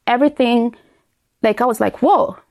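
A woman from Uganda, a guest sharing her faith story in an animated way, with many fillers and restarts. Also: mid-range voice, brisk, gravelly. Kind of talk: faith testimony conversation.

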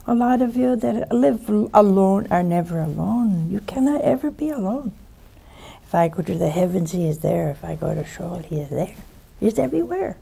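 A woman preacher giving a sermon, swinging between loud exclamations and hushed asides and laughing often. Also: medium pitch, sing-song, a little slow, gravelly, long pauses, slightly rough.

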